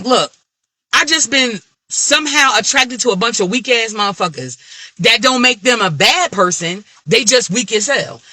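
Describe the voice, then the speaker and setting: A woman's voice: a little high, no room sound. A woman with an African American Vernacular English accent, venting in a candid, blunt and profane rant to camera. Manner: blunt, profane, animated ranting. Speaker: vlogger.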